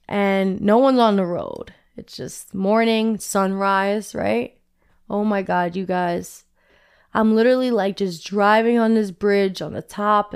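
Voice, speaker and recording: A woman's voice: mid-range voice, clean tone. A young woman vlogger telling a personal story in a candid, chatty way, often saying "like".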